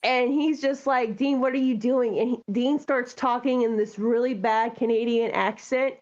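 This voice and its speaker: A woman's voice: a little high, normal speed. A woman co-hosting a casual wrestling chat, telling stories with jokes. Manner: joking, animated storyteller. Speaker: co-host. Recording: dull, muffled audio.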